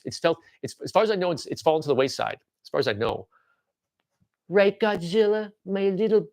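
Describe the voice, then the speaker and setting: Lively, rambling man streaming. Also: on the high side. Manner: rambling, with stammering restarts and tangents; excitable and enthusiastic. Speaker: livestream host. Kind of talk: casual livestream show-and-tell.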